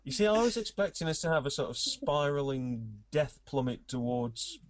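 A man's voice: medium pitch, normal speed, no echo. A man playing a tabletop game, wry and joking. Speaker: player.

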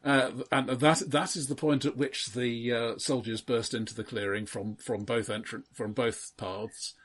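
A man narrates as game master with a husky, breathy voice. He talks in a halting way, thinking aloud as he sets the scene, at a mid pitch. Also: fairly even intonation, fairly bright tone.

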